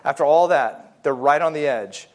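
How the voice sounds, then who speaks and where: A man's voice: a little high, moderate pace, darkish tone. Man teaching a casual Bible study. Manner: conversational, with frequent fillers and restarts, reading scripture aloud.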